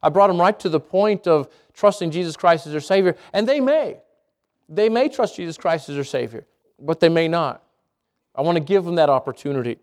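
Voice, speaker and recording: Man, pastor, sermon, earnest, conversational, higher pitch. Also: animated, a little fast, a little mellow. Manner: earnest, conversational, acts out example prayers. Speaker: pastor teaching evangelism. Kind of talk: sermon teaching.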